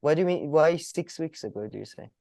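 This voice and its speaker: Animated, swearing man on a chat podcast. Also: fast, creaky, no echo, clean studio sound. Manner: animated, swears, laughs often, pitch jumps. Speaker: podcast co-host. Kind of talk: casual political chat.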